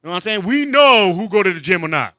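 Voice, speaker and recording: A man hosting a casual comedy talk show, joking and animated, laughing often. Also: high-pitched, fast, no echo. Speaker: host.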